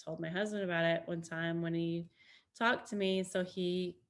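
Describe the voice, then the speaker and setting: A woman's voice: fairly low pitch, steady tone, normal speed. A woman Army veteran, a guest, talking in a casual, rambling way with many restarts and fillers. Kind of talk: casual conversation.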